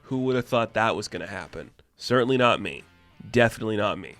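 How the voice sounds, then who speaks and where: A man's voice: lowish voice, lively intonation, quick pace, fairly bright tone, soft background music. A young man casually reviewing a comic book issue in an enthusiastic, chatty way, full of rhetorical asides.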